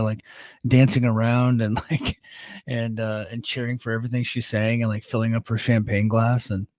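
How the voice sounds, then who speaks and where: A man with a lowish voice talks through a wrestling show in loose, casual podcast chat. He rambles and corrects himself, filling gaps with ums. The sound is dry and close, with no room around it. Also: darkish tone, no room sound. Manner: rambling and self-correcting, with many ums and restarts. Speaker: podcast host.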